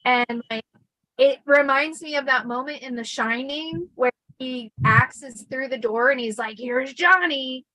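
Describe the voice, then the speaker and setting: A woman hosting a casual storytelling livestream, chatty and animated with lots of fillers. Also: high-pitched, a little slow, no echo, low-quality recording. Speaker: host.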